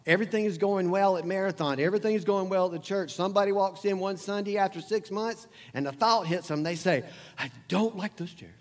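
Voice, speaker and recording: A man's voice: sits high, fast, few pauses. Man, pastor, sermon, repeats himself for emphasis, long church reverb. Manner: conversational preaching, repeats phrases, emphatic. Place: church sanctuary.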